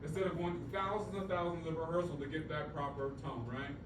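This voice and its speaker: A man presenting a choir teaching workshop, energetic and coaxing, leading the group through call-and-response singing. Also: fairly high pitch, brisk, background noise. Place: large conference room. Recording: echoey room, voice from far off, music behind.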